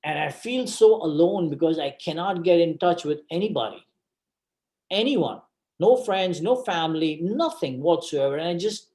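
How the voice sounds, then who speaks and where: A man's voice: a little high, lively intonation, normal speed, a little mellow. A man giving a presentation, telling a personal story with dramatic, emphatic repetition. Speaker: guest speaker. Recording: roomy event hall.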